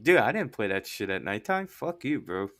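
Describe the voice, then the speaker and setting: Animated profane male podcast co-host. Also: lowish voice, moderate pace, dry recording. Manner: animated, profane, acts out quotes, laughs often. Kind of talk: casual chat, storytelling.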